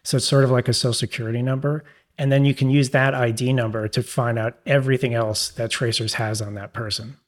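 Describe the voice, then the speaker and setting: A man's voice: medium pitch, steady tone, brisk. A man with a New York accent talks through products as a podcast guest. His voice sits in an ordinary middle register, and he explains things casually, with fillers and restarts. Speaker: podcast guest, legal tech publisher. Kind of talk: conversational interview.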